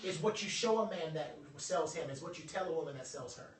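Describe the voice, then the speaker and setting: A man giving a joking, animated motivational workshop talk to a group. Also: on the high side, fairly quick, distant mic, slight background noise. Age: adult over twenty-five. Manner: animated, joking, preacher-like delivery. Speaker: motivational speaker. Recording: echoey room, voice from afar.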